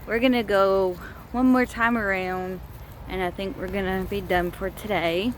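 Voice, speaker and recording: A woman's voice: medium pitch, steady tone, unhurried, slight background noise. A woman chatting casually to her vlog audience on a park trail, a bit out of breath and exasperated. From US state of Georgia. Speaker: vlogger. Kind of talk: casual vlog talk to camera.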